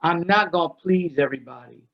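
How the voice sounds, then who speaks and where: A middle-aged man giving a workshop talk on ministry. He tells energetic, joking stories. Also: on the high side, brisk, vocal fry. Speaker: ministry speaker. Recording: dull lo-fi recording.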